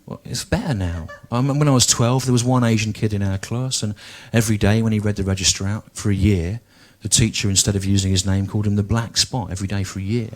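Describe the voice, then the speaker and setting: Dry, deliberate stand-up comedian, forties. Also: male voice, on the low side, steady tone, a little mellow. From English Midlands. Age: 40s.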